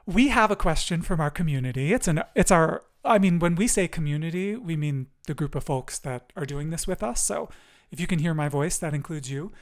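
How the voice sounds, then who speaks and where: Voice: mid-range voice, animated, fairly quick. A podcast host speaking in an affirming, encouraging and emotive way during a casual chat.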